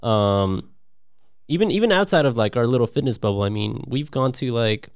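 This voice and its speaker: A young man chats in an easygoing way on a podcast, with a smooth, mid-pitched voice. The sound is close and dry. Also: expressive, normal speed, no echo. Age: young adult. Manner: easygoing, says man a lot. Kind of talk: casual chat.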